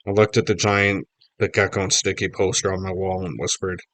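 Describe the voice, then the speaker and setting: A man's voice: low voice, little pitch movement, fairly quick, fairly bright tone, dry recording. A man narrating a children's book in the first person, reading steadily and plainly. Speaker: audiobook reader.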